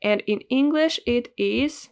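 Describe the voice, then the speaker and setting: A young woman with a Russian accent teaching a language lesson, patient and repeating each word slowly. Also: fairly high pitch. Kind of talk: slow, clear language lesson.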